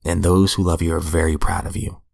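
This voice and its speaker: A man with a low, rough, gravelly voice that sounds hoarse, talking as a podcast host in a plain, conversational way. He reads passages aloud, then reflects on them earnestly, and the sound is close and dry. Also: level tone, brisk, a little mellow, no room sound. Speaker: podcast host reading recovery literature. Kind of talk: reflective solo podcast commentary.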